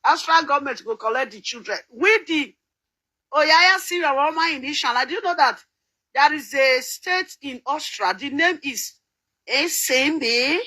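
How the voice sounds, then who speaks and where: Nigerian woman vlogger, middle-aged, high-pitched and chatty, laughs a lot. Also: lively intonation, normal speed, sharp tone, poor audio. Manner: chatty, laughs often, sings snatches. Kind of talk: casual chat.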